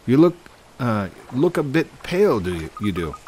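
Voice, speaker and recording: A man's voice: medium pitch, big pitch swings, normal speed, background noise, lightly acted. A man voicing Drippy, a folksy fairy sidekick. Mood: curious. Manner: folksy, drawling, sprinkled with "man" and "Ollie boy". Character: chatty male fairy sidekick, folksy and friendly.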